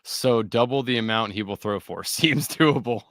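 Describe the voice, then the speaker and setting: Bright-voiced man talking betting picks. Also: medium pitch, lively intonation, takes it slowly, dry recording, studio quality. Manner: laid-back, joking, laughs between picks. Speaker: co-host of a sports betting show. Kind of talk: casual sports betting chat.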